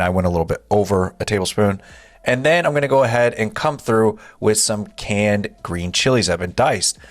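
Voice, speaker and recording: A young man talks through a home recipe step by step, relaxed and chatty. His voice moves a lot in pitch, and the sound is dry and close, with no room echo. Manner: relaxed, step-by-step instructions with frequent "gonna go ahead". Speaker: home cook and channel host. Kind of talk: casual cooking walkthrough. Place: home kitchen.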